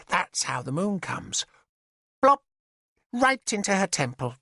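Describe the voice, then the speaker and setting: A man's voice: high-pitched, sing-song, slow, creaky, bright, forceful tone, no echo, studio quality, pitched above the performer's own voice, full character voice. A man voicing a giggly, odd plump woman. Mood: whimsical. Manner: singsong, childlike, giggling. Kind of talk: audiobook character voice.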